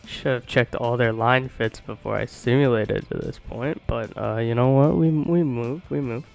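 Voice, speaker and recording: A man hosting a video game channel, giving chatty, excitable commentary and talking to his viewers in slang. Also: mid-range voice, moderate pace, creaky, faint music behind, poor audio. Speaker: gaming video host.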